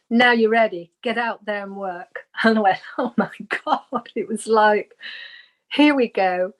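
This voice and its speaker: A woman, a guest on an interview show, earnestly telling a personal spiritual story and acting out the voices she quotes. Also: fairly high pitch.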